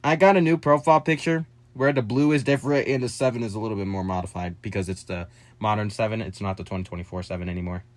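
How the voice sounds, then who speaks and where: A man chatting casually and excitably to his viewers, jumping from topic to topic with quick asides and jokes. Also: lowish voice. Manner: addresses viewers as "guys", quick asides and joking. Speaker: vlogger. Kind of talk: casual rambling vlog chat to viewers.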